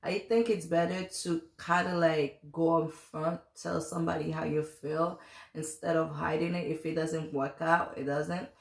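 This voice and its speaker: A woman in her twenties from the United States tells a personal story to camera as a vlogger, chatty, confiding and rambling with lots of fillers. Her low, creaky voice has little pitch movement and a moderate pace. The room sounds echoey.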